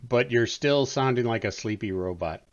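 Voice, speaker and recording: A man's voice: mid-range voice, normal speed. Laid-back man on a dull call mic. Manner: relaxed, chuckling, repeats words. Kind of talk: casual game chat.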